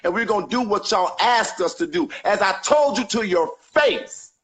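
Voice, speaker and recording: Passionate high-voiced man arguing heatedly. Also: lively intonation, normal speed, fairly bright tone. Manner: passionate, emotional, interrupting. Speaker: activist. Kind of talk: heated live confrontation.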